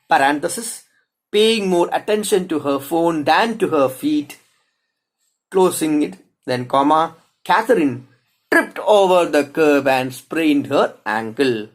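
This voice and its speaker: A man teaching a lesson on writing, reading example sentences aloud and naming each punctuation mark, with a few halting restarts. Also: fairly high pitch, animated, rough recording. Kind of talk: explanatory lecture.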